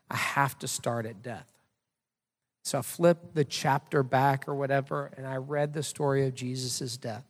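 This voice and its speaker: A man's voice: medium pitch, creaky. A man in his thirties preaching a sermon as pastor, telling a story in a casual, conversational way with many fillers. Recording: long hall reverb.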